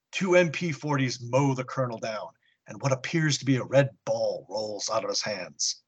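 A husky-voiced man hosts a podcast and narrates a comic book story in a casual, earnest way. He drops in wry asides between the plot beats. His tone stays grounded and even. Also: medium pitch, moderate pace. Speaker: podcast host.

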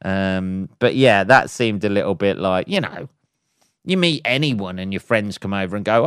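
On his solo podcast, this host goes on a loose rant full of profanity and laughter, mimicking others in silly voices. He has a lowish, fairly bright, clear and resonant voice at normal speed, recorded studio-quality with no room sound.

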